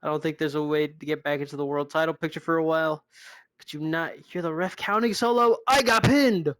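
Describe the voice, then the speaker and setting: A man's voice: fairly high pitch, fairly even intonation, fast, a bit bright, smooth, no echo, natural voice. A man voicing a grinning male wrestling faction boss, upbeat and commanding, in a game recap.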